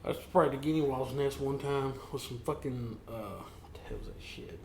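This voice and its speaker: A man's voice: mid-range voice, moderate pace, a little hiss or hum. A man hosting a casual chat, telling profane stories with lots of swearing. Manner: profane, animated storyteller. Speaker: podcast host. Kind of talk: casual comedic storytelling chat. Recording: echoey room with faint ambience.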